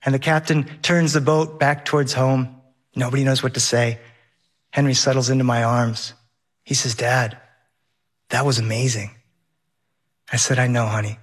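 At a normal pace, this middle-aged man performs a comic personal story for a live audience with lively, vivid energy. Briefly, he imitates his son in a whiny, high-pitched tone.

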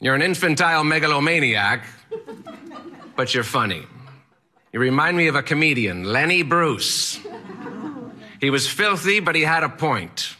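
A man's voice: on the high side, animated, normal speed, pauses often, sharp tone, pitched above the performer's own voice. A man voicing an eccentric old male Latin teacher with a strange, oddly accented delivery, blunt and theatrical but fond. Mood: amused.

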